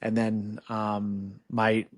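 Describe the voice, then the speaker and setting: A man in his thirties from Canada, a podcast guest talking in a relaxed, rambling way full of "like" and "you know". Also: fairly low pitch, drawn-out words, no echo, studio quality. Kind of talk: casual interview chat.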